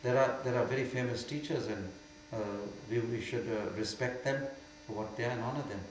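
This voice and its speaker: An older man with an Indian accent gives a spiritual Q&A talk, emphatic and often mocking. His voice sits at a middle pitch. It rings through a very echoey hall over a faint mains hum. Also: a little fast. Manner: emphatic, swings from quiet to loud and mocking. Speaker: spiritual teacher.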